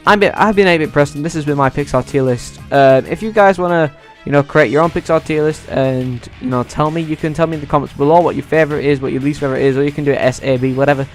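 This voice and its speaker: A man ranking movies in a casual vlog, excitable and swearing freely. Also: fairly high pitch, fast talker, few pauses, faint music behind. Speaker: YouTuber.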